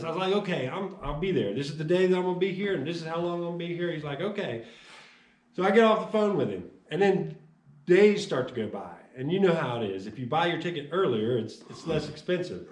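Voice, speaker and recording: A man's voice: a little high, fast talker, distant mic. A man from Chicago telling his personal testimony, acting out the voices of the people in his story. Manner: animated storyteller acting out dialogue. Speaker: testimony speaker. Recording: echoey room.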